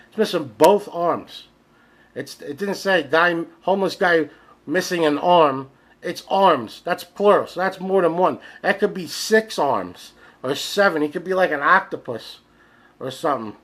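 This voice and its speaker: A man's voice: a little high, poor audio. A man hosting a comedy podcast, ranting in disbelief about news stories, swearing freely and acting out the people he describes. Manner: incredulous, ranting, profane; acts out the people in his stories, rising to shouts. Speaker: podcast host. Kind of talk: comedic rant.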